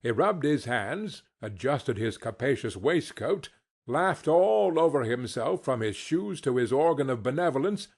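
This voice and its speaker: Slow, expressive male audiobook narrator. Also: mid-range voice, breathy edge. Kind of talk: scripted narration.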